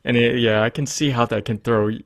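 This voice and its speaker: A man hosting a podcast interview, asking relaxed, curious questions in a casual chat. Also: mid-range voice, fairly quick, gravelly.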